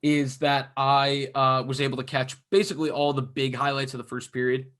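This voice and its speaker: A young man with a bright, forward voice talks hockey with a friend on a podcast. His thoughts wander and restart, padded with "um" and "like", in easy, casual chat. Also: medium pitch, level tone, fairly quick. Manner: rambling, filler-heavy analysis. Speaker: podcast co-host.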